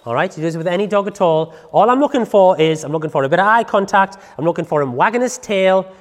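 A man's voice: high voice, lively intonation, quick pace, in a large hall. A man, a dog trainer explaining in a casual chatty way, full of tag questions. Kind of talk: casual instructional talk to camera.

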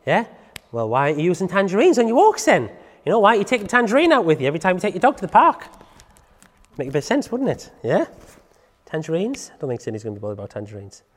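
A man's voice: high-pitched, wildly swooping pitch, fast, long reverb tail. A man, a dog trainer explaining in a casual chatty way, full of tag questions. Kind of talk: casual instructional talk to camera.

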